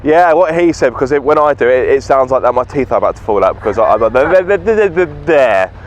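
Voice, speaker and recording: A man in his thirties hosts a car vlog in a loose, joking way, with plenty of deadpan humour and a tendency to trip over his words. His pitch sits right in the middle. Faint car and street sounds hang in the background. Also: fast talker, a little hiss or hum. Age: 30s. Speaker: vlog host. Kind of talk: casual chat while driving and on location. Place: small car on the road, then outdoors by the sea.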